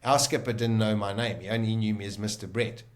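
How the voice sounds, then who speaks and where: A middle-aged South African man telling his survival story vividly, acting out his own inner voices and swinging between loud and soft. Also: on the low side, fairly even intonation, brisk. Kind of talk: animated storytelling.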